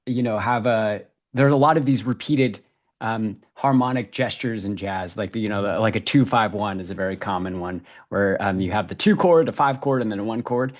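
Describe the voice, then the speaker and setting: An American man hosting a podcast interview, speaking in a relaxed way with many fillers like "um" and "like". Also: lowish voice, moderate pace. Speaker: podcast host. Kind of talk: casual interview chat.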